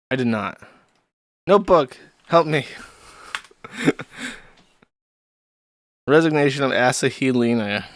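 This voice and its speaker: A man's voice: medium pitch, a bit bright, no room sound, studio quality. Crude sarcastic male streamer. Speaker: streamer host. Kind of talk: casual commentary stream.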